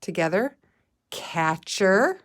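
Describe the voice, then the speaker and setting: A woman teacher leading a phonics lesson, slowly sounding out word parts and encouraging her young listeners. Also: medium pitch, sing-song. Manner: encouraging, calls listeners "friends". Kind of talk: guided reading phonics lesson.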